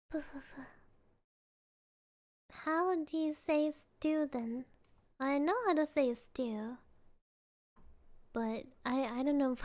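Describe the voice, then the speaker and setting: High-pitched girl streamer just chatting, laughs a lot, takes her time. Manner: giggly and playful, reading and answering chat. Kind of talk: casual livestream chat.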